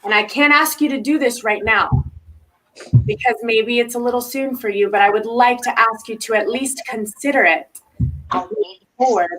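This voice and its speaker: A psychic medium with a high, fairly bright voice gives a live spiritual reading, speaking emphatically and repeating the same words over and over to reassure her listener. The audio quality is poor.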